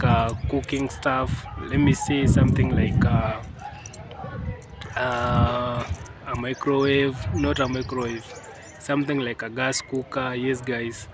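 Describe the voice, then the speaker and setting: A Kenyan man narrating a casual village vlog outdoors, hesitant with many fillers and frequent "yes, guys". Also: mid-range voice. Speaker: vlogger. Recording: clear outdoor background noise.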